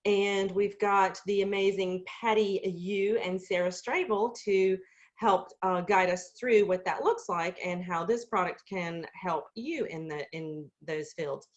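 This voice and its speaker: A woman hosting a casual group video call, talking in a hesitant way with many fillers and warm, effusive praise of her guests. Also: mid-range voice, measured pace, dull audio.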